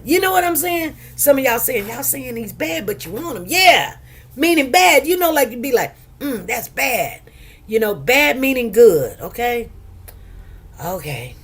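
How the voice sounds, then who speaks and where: Lively woman telling stories. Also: sits high, husky. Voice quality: lively, animated storytelling, acts out quotes. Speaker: commentary host. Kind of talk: casual talk commentary.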